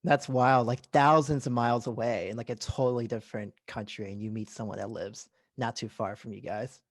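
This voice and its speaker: A man hosting a relaxed podcast chat, his voice sitting at an everyday middle pitch. He rambles through his questions with constant "like"s and perks up when he acts out stories. The recording is dry and close, with no room sound. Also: a little fast, no echo. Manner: rambling, heavy use of "like", animated when retelling. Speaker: podcast host. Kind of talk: casual interview chat.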